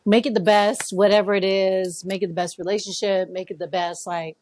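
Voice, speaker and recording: Woman podcast cohost, middle-pitched voice, upbeat laid-back talk. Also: flat delivery, fairly quick, a little mellow. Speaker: podcast co-host. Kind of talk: casual chat.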